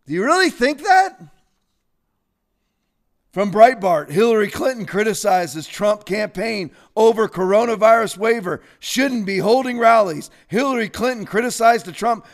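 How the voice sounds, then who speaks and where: Man, high-pitched voice, commentary host, sarcastic, fiery, loud outbursts. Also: creaky. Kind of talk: opinionated news commentary.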